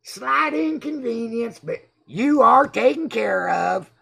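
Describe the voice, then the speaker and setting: A man with a drawl rants on his livestream, reading comments and taunting critics loudly. His voice is heavily gravelly and husky, slow-paced, and swings widely in pitch as he shouts. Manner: loud, mocking, excitable, often shouting. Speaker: livestream host. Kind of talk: casual livestream rant reading chat.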